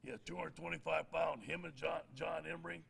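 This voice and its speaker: A man's voice: on the high side, steady tone, a little fast, gravelly, fairly bright tone. A middle-aged man, a head football coach giving a press conference speech with folksy stories and jokes. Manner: folksy storyteller, laughs at his own jokes.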